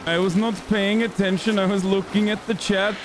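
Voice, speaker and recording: A man's voice: high voice, level tone, moderate pace, noisy background. A male streamer giving joking, self-mocking commentary while playing a video game. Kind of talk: gaming livestream commentary.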